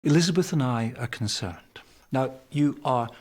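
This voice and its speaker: An actor playing a stern, controlling captain in a period TV drama, grave and patronizing. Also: male voice, mid-range voice, lively intonation, normal speed, lightly acted.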